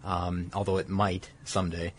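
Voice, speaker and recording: A man's voice: low-pitched, little pitch movement, normal speed, a little hiss or hum. A man explaining a technology in casual conversation, rambling and correcting himself with many fillers.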